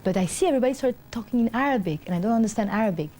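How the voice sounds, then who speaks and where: A woman's voice: fairly high pitch, very fast. A middle-aged woman, an interview guest, telling a personal story in a rambling way with many fillers, acting out the voices of the people in it. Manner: animated, acts out the voices of others.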